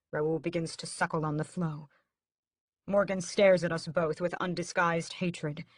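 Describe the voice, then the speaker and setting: Low-voiced woman narrating an audiobook. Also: no room sound, clean studio sound. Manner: steady, dramatic storytelling. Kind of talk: first-person audiobook narration.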